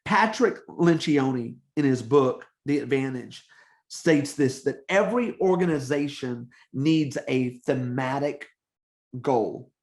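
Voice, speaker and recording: A middle-aged man teaching church leaders in an energetic preaching style, urging them on with repeated "come on" and quick restarts. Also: mid-range voice. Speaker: ministry leader and coach.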